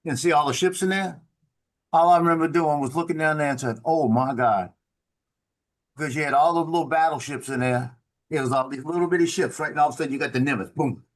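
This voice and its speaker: A man's voice: fairly high pitch, fast talker. Middle-aged man telling a rambling story. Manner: rambling storyteller, tag questions and fillers. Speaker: military veteran. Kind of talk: casual chat.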